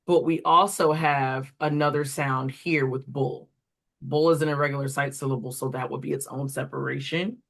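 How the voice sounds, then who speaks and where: A woman's voice: extremely low pitch, steady tone, moderate pace, vocal fry. Woman explaining reading steps. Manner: explains step by step with fillers, pointing at examples. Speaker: reading tutor trainer. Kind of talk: instructional walkthrough.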